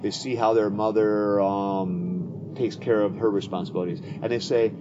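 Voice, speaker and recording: A man's voice: lowish voice, steady tone, moderate pace, background noise. A man speaking earnestly in a conversation about faith and family, often repeating words as he restarts. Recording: dull lo-fi audio.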